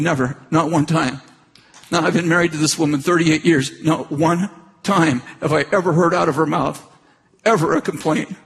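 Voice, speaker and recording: A man in his sixties preaching, telling a personal story earnestly and haltingly, with many restarts. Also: a little high, gravelly. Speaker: pastor. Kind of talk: sermon storytelling. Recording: long reverb, faint noise.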